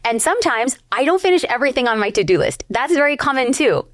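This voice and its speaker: A middle-aged woman, an entrepreneur guest on a podcast, talking fast and emphatically in a blunt, slangy, candid way. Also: sits high, big pitch swings, no echo, clean studio sound. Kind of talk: candid conversational interview.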